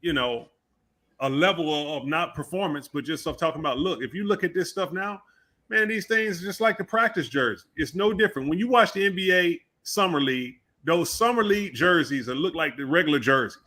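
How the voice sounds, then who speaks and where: A man's voice: on the high side, animated, a little fast, bright, forceful tone. A man co-hosting a basketball podcast, arguing his point insistently in casual chat. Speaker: podcast co-host.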